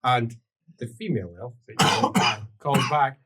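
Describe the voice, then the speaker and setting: A man narrating as game master of a tabletop game, mostly quiet with sudden loud bursts for characters. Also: mid-range voice, measured pace, husky.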